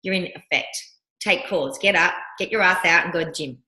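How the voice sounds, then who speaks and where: Her voice runs low and a touch fast as she coaches a workshop. An animated storyteller, she recounts personal experiences and acts out each voice she quotes, all captured with a roomy echo.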